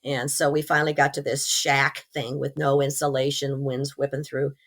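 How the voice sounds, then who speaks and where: A middle-aged woman, hoarse from recovering from pneumonia, telling a personal story as an interview guest in an earnest, animated way. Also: a bass voice, normal speed.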